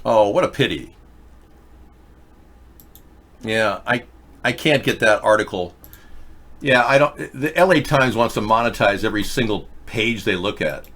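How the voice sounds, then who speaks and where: A man hosting a political talk show, ranting in a rambling monologue, lurching from loud high outbursts to low mutters. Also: expressive, a little slow, pauses often. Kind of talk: rambling live-stream monologue.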